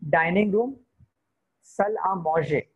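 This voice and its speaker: Husky man teaching beginner vocabulary. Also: high voice, poor audio. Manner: slow, repeats each word, switches to Hindi to explain. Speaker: French teacher. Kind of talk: beginner language lesson.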